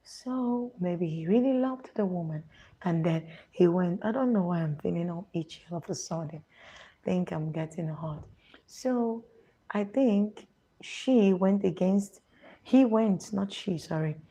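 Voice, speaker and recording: Husky, low-voiced Nigerian woman. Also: expressive, measured pace. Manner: often hushed, half-whispered, confiding. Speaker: vlogger answering viewer questions. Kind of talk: casual advice chat.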